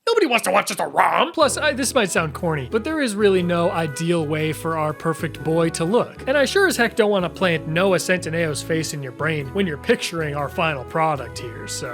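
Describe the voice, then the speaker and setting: High-voiced sarcastic young man. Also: animated, brisk, few pauses, over music. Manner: sarcastic, jokey, talks straight to the viewer. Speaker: YouTube host. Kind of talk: comedic video commentary.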